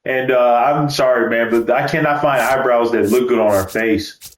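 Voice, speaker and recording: A man's voice: mid-range voice, moderate pace. A man talks through a baseball video game in a loose, joking way, cursing now and then. His voice sits in a middle range. The room around him is echoey. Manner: loose, joking, swears casually. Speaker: gaming YouTuber. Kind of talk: casual gameplay commentary.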